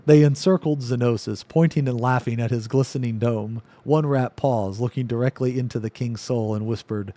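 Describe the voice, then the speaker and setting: A man's voice: medium pitch, mellow. A male streamer reading a silly story aloud, stopping to laugh and comment. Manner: reads haltingly, breaks off to laugh and comment.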